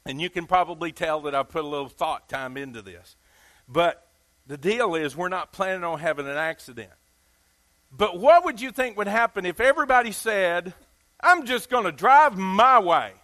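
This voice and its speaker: A Southern US preacher man with a notably high, ringing voice delivers a sermon. He talks in a folksy, emphatic way and keeps putting questions to his listeners. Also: normal speed, fairly bright tone.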